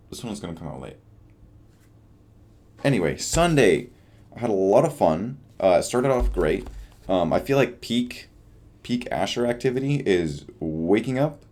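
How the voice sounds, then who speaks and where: A young man with a very low, deep voice chats through a late-night video diary. He sounds tired and rambles, often trailing off with a shrug in his voice. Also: big pitch swings, moderate pace, a little mellow. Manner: rambling, self-deprecating, trails off. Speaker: vlogger.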